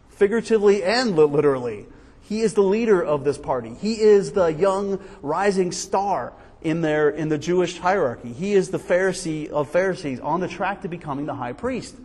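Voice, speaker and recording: A man leads a Bible study in a lively, conversational manner, throwing out one rhetorical question after another. His voice sits a little high for a man. A long reverb from the hall lingers after his words.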